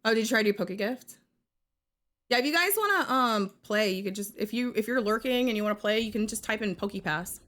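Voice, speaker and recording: A young woman streaming a game live and chatting with her audience. Her voice sits fairly high and swoops all over the place, dropping to low mutters and then leaping up into excited outbursts. A nagging cough keeps breaking through. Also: fast talker. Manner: excitable, swings between muttering and loud outbursts. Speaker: gaming streamer. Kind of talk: live-stream chat while gaming.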